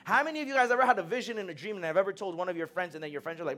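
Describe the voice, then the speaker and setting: A young man preaching in a relaxed, conversational way, full of slang and acted-out quotes. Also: high-pitched, rapid-fire, soft background music. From United States. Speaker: pastor. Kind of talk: sermon.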